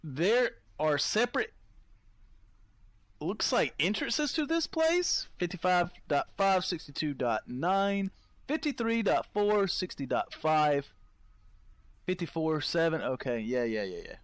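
A man's voice: on the high side, very animated, slow pace, dry recording. A man giving casual let's-play commentary, chatting to his viewers and easily startled into yelps and laughs. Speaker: gameplay commentator.

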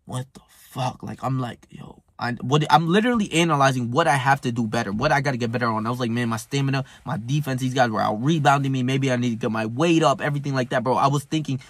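A man's voice: mid-range voice, fast, hardly any pauses, no echo. A man telling a rambling, profane story in casual chat, heated and full of fillers. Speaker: self-improvement vlogger.

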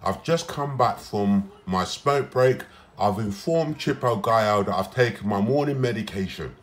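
A man's voice: lowish voice, expressive, unhurried. A man, a patient on a psychiatric ward, recording a personal complaint, talking emphatically and repeating himself.

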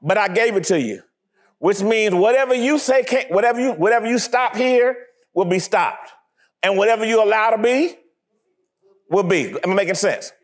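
Male pastor, high tenor, animated sermon delivery, plays out scenes. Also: normal speed. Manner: animated, acts out scenes, laughs often.

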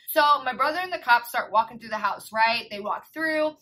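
A young adult woman vlogger telling a casual storytime, animated, slangy and full of swearing. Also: fairly high pitch, moderate pace, rough recording.

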